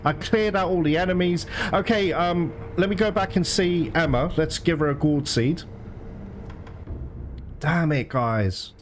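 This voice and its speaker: A man doing let's play commentary as host, excitable, swearing and laughing at the game. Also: a little high, unhurried, slight background noise. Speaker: gaming channel host. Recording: game music behind the voice.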